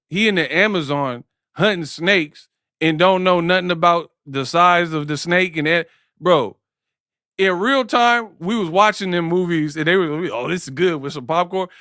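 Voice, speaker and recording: Man, live-stream talk host, slangy, joking, bright tone, dry close mic. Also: high voice, a little slow, dry recording. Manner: slangy and joking, breaks into impressions.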